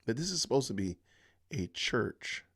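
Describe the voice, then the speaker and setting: A man's voice: moderate pace, slightly rough. A man hosting a live-stream podcast, reacting with exasperated commentary, sighing and talking to his viewers. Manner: exasperated, sighing, lively pitch swings. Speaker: podcast host.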